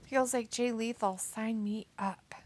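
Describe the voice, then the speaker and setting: A woman's voice: on the high side, fairly even intonation, unhurried, darkish tone, dry recording. A woman co-hosting a wrestling watch-along, chatting casually, laughing often and reading chat comments aloud.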